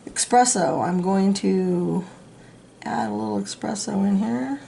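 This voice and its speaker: A middle-aged woman talking through a drawing lesson at her desk, chatty and self-deprecating. Her voice has a gravelly fry, and there is a faint hiss in the room behind her. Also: medium pitch, a little slow, mellow. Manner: chatty, self-deprecating, talks while working. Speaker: art tutorial host. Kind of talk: casual real-time drawing tutorial.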